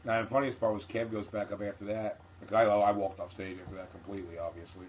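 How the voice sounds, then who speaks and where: A man's voice: on the low side, quick pace, a little hiss or hum, low-quality recording. A male comedian telling a profane story on a podcast, acting out the people in it. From Philadelphia area. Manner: animated, profane anecdote with acted-out quotes. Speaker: comedian guest.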